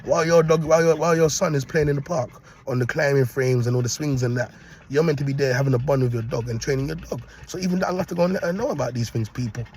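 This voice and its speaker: A man's voice: medium pitch, rapid-fire, darkish tone, a little hiss or hum. A man talking to camera from a parked car, rambling and preachy, forever calling out to "people" and asking if you get him. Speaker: dog-loving vlogger. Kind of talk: casual rambling monologue.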